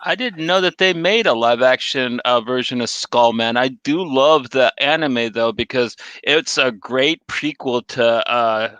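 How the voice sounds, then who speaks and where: A man in his late thirties chatting casually as co-host, profane and animated as he tells stories and laughs. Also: mid-range voice, a little slow, hardly any pauses, clean tone, no room sound. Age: 30s. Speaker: podcast co-host. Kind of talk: casual chat.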